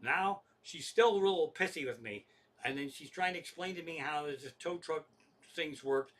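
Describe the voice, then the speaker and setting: A man's voice: fairly high pitch, moderate pace, a bit bright. A man telling a comic story, exasperated and swearing constantly as he acts out both sides of phone calls. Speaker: stand-up comedian. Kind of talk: profane storytelling rant.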